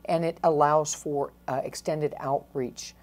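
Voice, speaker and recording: A middle-aged woman, a county probation chief, answering interview questions in an earnest, measured way with frequent restarts. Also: low voice, steady tone, a little mellow.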